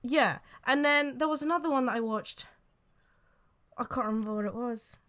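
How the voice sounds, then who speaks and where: Bright, giggly high-voiced woman. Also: moderate pace. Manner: giggly, hesitant, lots of fillers. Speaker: podcast co-host. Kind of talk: casual chat.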